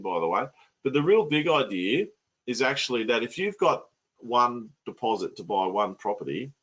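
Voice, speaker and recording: A man's voice: mid-range voice, fairly bright tone, dull audio. A man coaching property investment in an online masterclass, blunt and colloquial.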